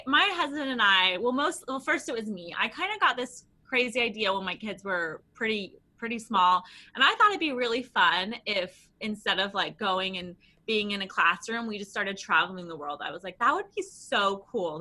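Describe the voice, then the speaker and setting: A woman from Los Angeles, a guest on a podcast, chatting in a lively way and laughing often. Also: medium pitch, normal speed. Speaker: guest, language company founder. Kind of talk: podcast interview.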